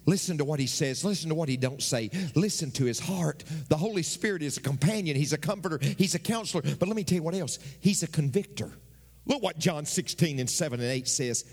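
A male pastor preaching a sermon, his voice climbing high toward near shouts. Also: breathy edge. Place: church. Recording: long reverb of a church hall.

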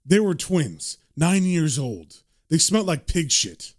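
A man voicing a brutal male thug who speaks slowly and coldly. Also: on the high side, exaggerated voice. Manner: slow, flat and cold.

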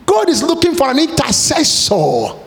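A man preaching a sermon, speaking with passion and at times rising to shouted pleas. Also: very high voice, huge pitch swings, normal speed, gravelly. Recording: long hall reverb.

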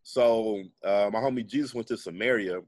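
A man's voice: fairly low pitch, moderate pace, a little mellow, no room sound. A man casually retelling a Bible story as comedy in heavy slang, laid-back and irreverent. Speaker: podcast co-host telling a comic Bible story.

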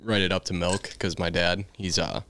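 A man's voice: deep voice, fairly even intonation, moderate pace, bright, forceful tone. A young man, a podcast guest from Illinois, telling stories in a laid-back, casual way with frequent laughs. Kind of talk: casual chat.

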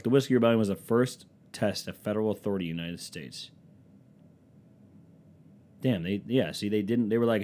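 A young man chatting casually and comically as a podcast host, rambling and swearing, with quick dips into silly voices. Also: fairly low pitch, warm tone. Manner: rambling, profane, slips into silly quoted voices. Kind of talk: casual comedic chat.

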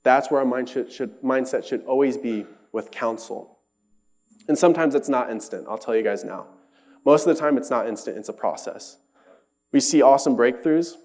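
A man's voice: medium pitch, a little mellow. A young man giving a casual, earnest sermon, acting out the voices of the people he quotes. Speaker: preacher.

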